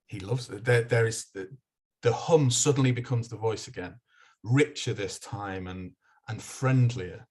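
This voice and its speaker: A man narrating as game master of a tabletop game, halting and restarting as he describes the scene. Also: lowish voice, a little mellow, slightly rough. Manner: halting, with many restarts and fillers while describing.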